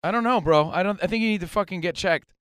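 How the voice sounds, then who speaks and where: A man's voice: high voice, fast, fairly bright tone. A man co-hosting a talk radio show, arguing emphatically and swearing a lot as he bickers with his co-host. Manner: argumentative, profane, emphatic. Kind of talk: heated talk radio banter.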